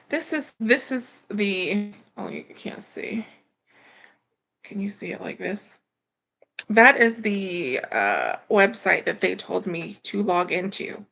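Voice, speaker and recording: A woman hosts her live stream with a gravelly, fry-laden voice at an ordinary middle pitch. She rambles casually, filling pauses with ums, and greets viewers one by one. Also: lively intonation, bright, forceful tone. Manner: rambling, filler-heavy, greeting chat viewers.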